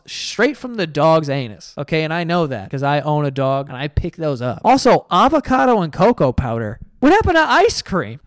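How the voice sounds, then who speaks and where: A male podcast host with a somewhat high, smooth and clear voice, talking in a casual, blunt and emphatic way. The sound is dry and close, with no room echo. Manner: emphatic, blunt, swears freely. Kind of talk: casual podcast chat and ad reads.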